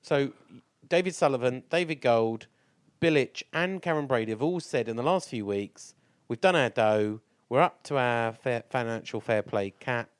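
Bloke cohosting a footy podcast, jokey, dry close sound. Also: male voice, mid-range voice, lively intonation, normal speed, dry recording. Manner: joking, banters. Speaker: podcast co-host. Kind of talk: casual chat.

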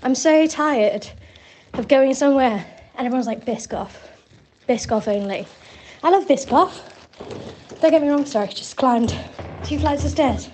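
A woman's voice: high voice, moderate pace, darkish tone, a little hiss or hum. A woman leaving a chatty, rambling voicemail for a podcast while slightly out of breath. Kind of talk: casual voicemail.

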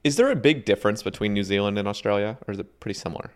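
A man's voice: lowish voice, animated, very fast. A man hosting a casual podcast, talking in a rambling, hesitant way with restarts and the odd swear. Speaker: podcast host.

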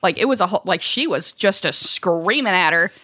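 A woman co-hosting a podcast, telling childhood family stories in a lively, casual way, swearing freely and acting out what others said. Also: fairly low pitch, a little fast, dry recording, studio quality. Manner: animated, swears freely, acts out quotes. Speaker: podcast co-host. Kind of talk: casual storytelling chat.

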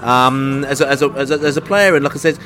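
A man's voice: mid-range voice, fast talker, a bit bright. Casting: London man, pub football podcast host, loose rambling chat. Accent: London English. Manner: chatty, rambling, jokey.

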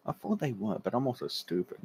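A man trades sarcastic, deadpan jokes with his co-host and swears freely. His voice has a middle pitch. The recording is dry and close. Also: fairly quick, slightly rough, dry recording. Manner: sarcastic, swearing, mock dramatic. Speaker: podcast co-host. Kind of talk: casual chat.

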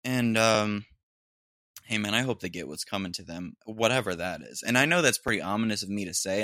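A man's voice: fairly low pitch, a bit bright, dry recording, studio quality. A young man hosting a podcast on his own, rambling with lots of ums and restarts and throwing in crude jokes. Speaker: podcast host. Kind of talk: solo podcast rant.

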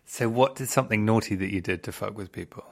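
A man's voice: lowish voice, quick pace, vocal fry. A man hosting a casual interview, asking direct questions and reacting with short interjections. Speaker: podcast host.

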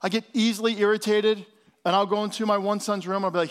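A man in his fifties preaching a sermon in a fairly high voice. He talks to his congregation like they're friends, calls out for an amen, and sometimes sinks to a near whisper for emphasis. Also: fast, smooth. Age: 50s. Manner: animated preaching, drops to soft hushed tones for emphasis. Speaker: pastor.

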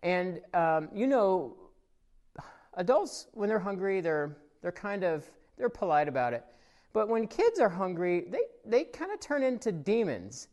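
A man, a pastor, giving a casual, conversational sermon at a church service recorded for online viewers. He tells stories with frequent fillers, growing animated in the telling and softening when reflecting. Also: high-pitched, unhurried. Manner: grows animated and louder in the story, soft when reflecting.

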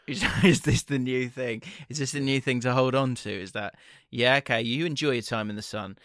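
A man's voice: medium pitch, steady tone, normal speed, a bit bright, no room sound, clean studio sound. A man co-hosting a podcast, chatting casually and joking with frequent laughter. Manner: jokey, chatty, laughs a lot. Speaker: podcast co-host. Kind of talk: casual chat.

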